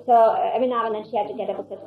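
An older woman recalling old stories in a halting, anecdotal way, with many restarts. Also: a little high, fairly even intonation. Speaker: storyteller recalling her past. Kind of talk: personal reminiscence. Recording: tinny, echoey, lo-fi recording.

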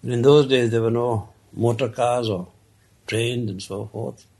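A man telling a parable in an unhurried, conversational way, with many casual asides. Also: mid-range voice, steady tone, a little mellow. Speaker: storyteller. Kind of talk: casual spoken storytelling of a parable.

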